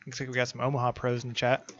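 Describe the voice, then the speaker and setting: A man's voice: mid-range voice, completely flat delivery, very fast, fairly bright tone, lo-fi sound, slight background noise. A man casually commentating a live poker stream, playful and joking as he thanks viewers.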